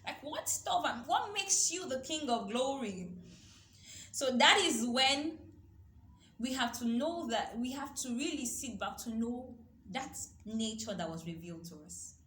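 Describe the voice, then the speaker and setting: A woman's voice: high voice, animated, a little slow, fairly bright tone. A woman teaching a youth Bible study, earnest and repetitive, quoting scripture. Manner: earnest, repeats herself, quotes scripture. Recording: echoey room with faint noise.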